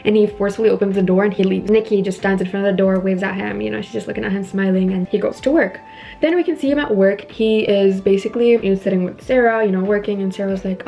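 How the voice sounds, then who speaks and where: A woman's voice: medium pitch, fairly even intonation, quick pace, warm tone. A young woman vlogger casually retelling a horror movie's scenes, chatting and acting out quoted lines as she does her makeup. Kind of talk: casual movie recap while doing makeup.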